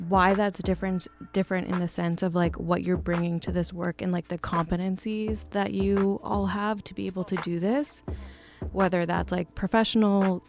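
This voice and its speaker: Low, gravelly woman moderating a panel. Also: a little mellow. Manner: thoughtful, searching for words, frequent fillers. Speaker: panel moderator and community support worker. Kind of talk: radio panel discussion.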